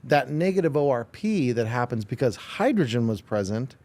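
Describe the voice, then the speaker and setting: Man, interview guest, animated storyteller, explanatory, mid-pitched voice. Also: normal speed. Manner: animated, acts out quoted dialogue; explanatory, technical. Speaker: podcast guest.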